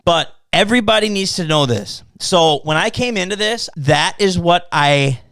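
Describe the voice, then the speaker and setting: A man's voice: high voice, normal speed, clean tone, dry recording, studio quality. A man hosting a podcast, telling a story in casual chat, swearing often and acting out both sides of an argument. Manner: profane, animated storytelling that acts out quoted exchanges. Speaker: podcast host.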